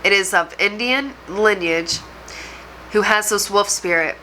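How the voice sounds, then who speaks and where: Woman, tarot reader, bright voice, emotional and rambling, faint noise behind. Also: mid-range voice, unhurried, low-quality recording. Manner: emotional, rambling, speaks to viewers directly. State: choked up. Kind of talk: channeled tarot reading to camera.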